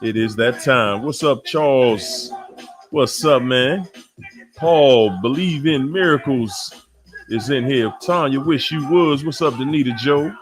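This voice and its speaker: A man's voice: mid-range voice, slow. A man hosting a casual livestream call-in show, greeting viewers by name and laughing often. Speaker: livestream host. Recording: faint music behind.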